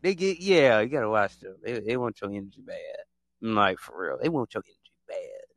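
Speaking at normal speed, this man has an expressive, mid-range voice that is creaky and a bit bright, recorded with no room sound. He hosts a podcast as a casual solo monologue, often repeating himself and impersonating others in exaggerated voices.

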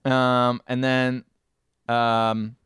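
A man of middle pitch recaps a film in loose, casual podcast talk, slipping into snippets of the characters' voices as he goes. The recording is dry and close, with no room sound. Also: flat delivery, extremely slow, fairly bright tone, smooth, dry recording. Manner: retells plot, acting out characters' lines. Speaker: podcast host.

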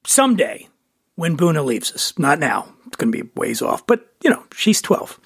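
A man's voice: on the high side, big pitch swings, moderate pace, gravelly, breathy edge, dry recording. A man hosting a podcast, chatting casually and reading an ad in a loose, joking way. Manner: chatty, self-deprecating, gets choked up. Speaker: podcast host. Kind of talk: casual interview chat and read ad.

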